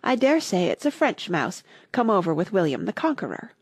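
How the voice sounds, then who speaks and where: A woman's voice: fairly low pitch, big pitch swings, slightly rough, no room sound, studio quality, full character voice. Eager, chatty little girl, as a woman puts her on. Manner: eager, rambling, quick to apologize. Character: polite, curious, chatty young girl.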